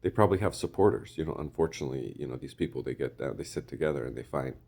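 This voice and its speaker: A man rambling through a casual monologue, often clearing his throat and hesitating. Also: a bass voice, lively intonation, very fast, darkish tone.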